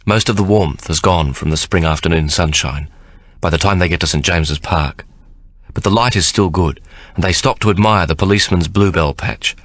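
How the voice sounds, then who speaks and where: A man reading a novel aloud as an audiobook narrator, measured and expressive. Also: low-pitched, no echo. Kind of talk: scripted narration.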